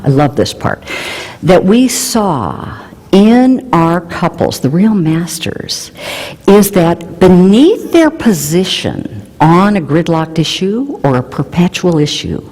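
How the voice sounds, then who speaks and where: A woman explaining relationship research in an animated way, mixing in playful personal anecdotes. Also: on the low side, slow, breathy edge, big-room sound. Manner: animated, warm storytelling with playful emphasis.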